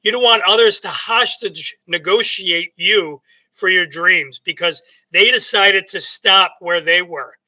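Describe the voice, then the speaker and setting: A man's voice: high voice, a little slow, pushed and bright, low-quality recording. A man from New York with a New York accent, telling a rambling motivational story that keeps restarting and acts out both sides of remembered conversations. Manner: rambling, repeats words and restarts often. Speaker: motivational speaker. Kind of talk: casual storytelling monologue.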